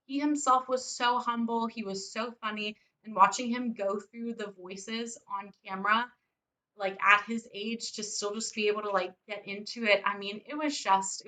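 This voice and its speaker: A woman's voice: on the high side, bright, forceful tone, poor audio. A woman who hosts an interview show, chatting in an upbeat way about favorite guests. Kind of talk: casual reflection.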